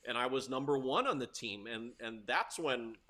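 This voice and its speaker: A middle-aged man from Hawaii, a tennis coach, telling stories from his school years as a guest, laughing often and getting loud at the tense moments. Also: mid-range voice, expressive, moderate pace. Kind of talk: storytelling interview.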